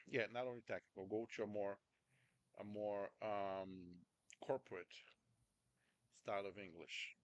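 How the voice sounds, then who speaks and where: A man's voice: on the low side, steady tone, unhurried, pauses often, no echo, muffled recording. Chatty male coach, dry close sound. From United States. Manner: chatty, keeps checking in with "right?" and "understand?". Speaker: communication coach. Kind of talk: casual coaching talk.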